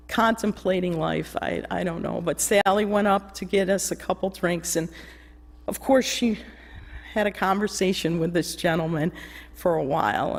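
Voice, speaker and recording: A woman shares fond anecdotes at a memorial in a church, laughing as she goes and acting out the voices of the people in her stories. Her voice sits at a middling pitch and carries a long reverberant tail from the big room. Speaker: eulogy speaker. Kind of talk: memorial remembrance.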